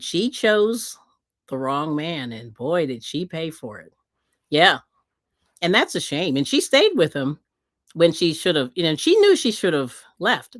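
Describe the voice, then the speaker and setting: A woman's voice: lowish voice, fairly bright tone, no echo, clean studio sound. A woman hosting a livestream, chatting casually with viewers, rambling with many fillers and frequent laughs. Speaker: livestream host.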